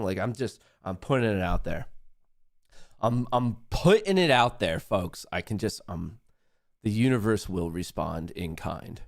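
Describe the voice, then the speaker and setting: Slow-talking, profane livestream trading host. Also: male voice, on the low side, dry recording, clean studio sound. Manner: excitable, profane, trash-talking, erupts into yelling and laughter. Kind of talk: live-streamed trading commentary.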